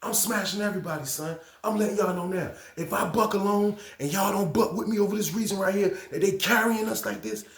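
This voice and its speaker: A man doing a keyed-up young inmate making threats, pitched up and loud, in an echoey room. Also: a little fast, hardly any pauses. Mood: threatening.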